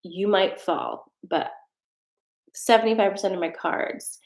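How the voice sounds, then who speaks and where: There's an echoey room around this woman's mid-range voice as she hosts a live-stream tarot reading at a home desk fitted with a treadmill. Speaking at a measured pace, she chats and rambles with fillers, slightly out of breath.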